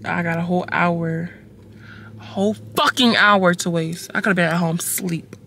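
A young woman vlogging from her car, chatting casually to her phone camera in a slangy, expressive way, swearing freely. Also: lowish voice, normal speed, a little hiss or hum. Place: inside a car, on the road.

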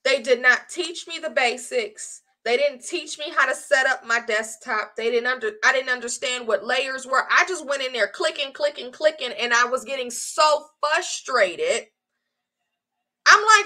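A woman selling her online design course in casual live-stream chat, animated and chatty, often calling her viewers y'all. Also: high-pitched, normal speed.

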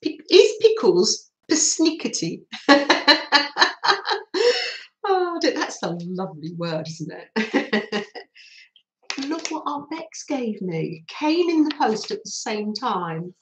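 A woman's voice: a little high, big pitch swings, takes it slowly, echoey room, a little hiss or hum, rough recording. A middle-aged woman, hosting a chatty live craft stream and greeting her viewers cheerfully. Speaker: craft livestream host.

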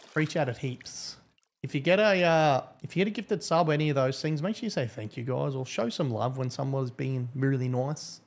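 A man's voice: medium pitch, vocal fry. A man giving casual, profane, rambling live-stream commentary as a game streamer.

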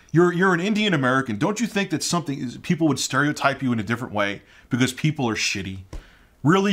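A man's voice: a little high, a bit bright. A man giving ranting opinion commentary, indignant and heated, firing off rhetorical questions. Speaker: online commentator.

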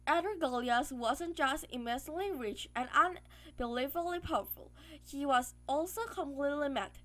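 High-voiced woman reading an audiobook. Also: normal speed. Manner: steady reading with frequent slips and restarts. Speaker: audiobook reader. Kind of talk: reading a children's novel aloud.

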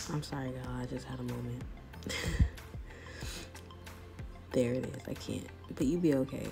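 A woman's voice: very deep voice, steady tone, measured pace, creaky, pauses often, music in the background. A young woman vlogger giving casual, slangy commentary on a chat room, laughing often and sometimes dropping to a whisper.

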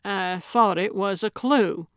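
A woman's voice: mid-range voice, takes it slowly, fairly bright tone, no echo, clean studio sound. A woman narrator voicing a stubborn, eccentric elderly woman sleuth who talks in an indignant, childish, proud way.

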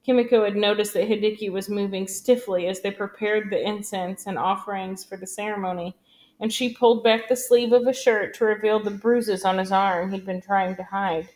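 A woman reading a novel aloud in steady, even scripted narration. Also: mid-range voice, normal speed. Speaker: audiobook narrator.

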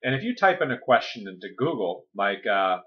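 A man's voice: lowish voice, very animated, a little fast, highs cut off. Man giving a casual motivational talk. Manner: conversational, often checks in with "okay?" and "right?". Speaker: weight-loss coach.

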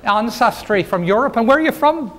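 A man's voice: extremely high pitch, expressive, fairly quick, fairly bright tone. A man playing a folksy 19th-century union organizer in a first-person historical role-play, joking with and addressing a live audience. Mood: jovial. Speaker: living-history presenter.

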